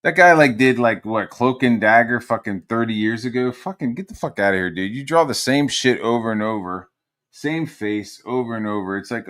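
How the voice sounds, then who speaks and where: A man's voice: fairly low pitch, lively intonation, normal speed, fairly bright tone. A man hosting a livestream, ranting in a casual, meandering and profane way, full of sarcasm. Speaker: livestream host.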